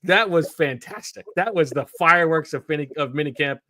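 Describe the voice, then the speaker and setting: A man hosting a sports podcast in casual chat, telling stories in an animated way. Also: a little high, a little fast, no echo. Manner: animated storyteller.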